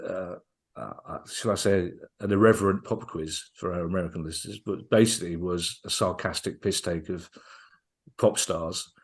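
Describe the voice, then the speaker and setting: A comedian guests on a podcast, spinning anecdotes with lively energy. He trips over his own words and restarts often, then carries on talking. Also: on the low side. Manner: lively storyteller, frequent restarts.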